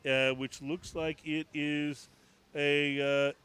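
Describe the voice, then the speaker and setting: A man's voice: a little high, level tone, takes it slowly, fairly bright tone, clean tone. A man co-hosting a casual podcast recorded on location in a bar, rambling through a list with many fillers and restarts. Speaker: podcast co-host. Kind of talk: casual chat.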